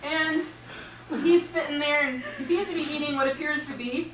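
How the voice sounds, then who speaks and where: A woman's voice: high-pitched, moderate pace. A woman improvising a silly story, rambling and playful and often giggling, recorded from a distance in a roomy, noisy space.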